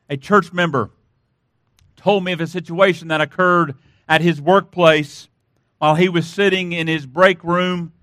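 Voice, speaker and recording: A man's voice: high-pitched, pushed and bright, no echo, clean studio sound. A man preaching a sermon as pastor, emphatic, asking rhetorical questions and repeatedly urging listeners to listen.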